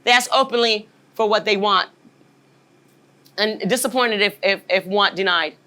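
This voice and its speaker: A woman's voice: mid-range voice, moderate pace, bright, forceful tone. A woman in her forties giving a motivational workshop talk as a leadership trainer, emphatic and often checking in with "right?". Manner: emphatic, keeps asking "right?" to the audience.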